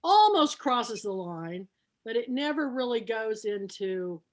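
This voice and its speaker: A middle-aged woman hosting an online book club, telling anecdotes in an animated way and laughing often. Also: a little high, a little slow. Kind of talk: casual storytelling on an online show.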